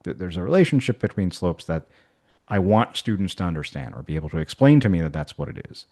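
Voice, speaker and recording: A man's voice: deep voice, big pitch swings, fast talker, dark tone, breathy edge. A man who teaches math, walking colleagues through an online activity in a casual way, thinking aloud with fillers and restarts. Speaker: math instructor. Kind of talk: workshop software demonstration.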